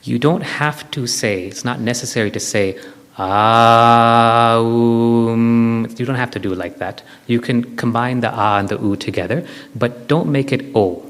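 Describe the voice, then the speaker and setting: A man's voice: mid-range voice, brisk. A man giving a spiritual lecture to an audience, explaining things step by step and demonstrating chanting. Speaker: spiritual teacher. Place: large hall with audience. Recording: long hall reverb.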